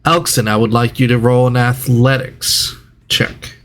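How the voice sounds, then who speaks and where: Unhurried male game master narrating. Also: mid-range voice, steady tone, fairly bright tone. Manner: measured, descriptive narration.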